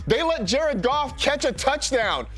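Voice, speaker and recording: A man's voice: very high voice, big pitch swings, measured pace, a bit bright, faint music behind. A man co-hosting a fantasy football show in a playful, rambling way. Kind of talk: animated sports banter.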